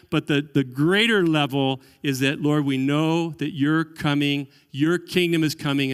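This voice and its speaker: Man, pastor, earnest sermon, slightly high voice, reverberant hall. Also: clean tone. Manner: earnest preaching, drops to quiet voice for quoted prayers.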